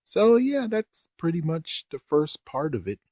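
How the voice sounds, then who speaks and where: A man's voice: on the high side, wildly swooping pitch, a little slow, darkish tone, dry recording, clean studio sound. A man giving a casual, rambling recap of a cartoon episode, exasperated and swearing mildly. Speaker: video commentator.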